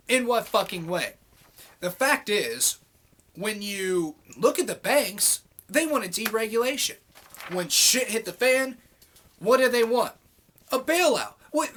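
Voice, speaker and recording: A man's voice: extremely high pitch, fairly bright tone, low-quality recording. A man ranting angrily at a commenter, sarcastic and exasperated, swearing often. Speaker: vlogger. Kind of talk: angry rant reading out comments.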